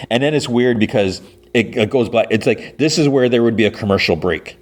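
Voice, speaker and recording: A man's voice: mid-range voice, moderate pace. A man hosting a podcast, casually recapping an episode in a rambling way, full of "like" and restarts. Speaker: podcast host.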